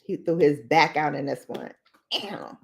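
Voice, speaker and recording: A beauty livestream host speaks in a low, unhurried voice with vocal fry. She chats playfully with her viewers, laughing and repeating phrases for emphasis.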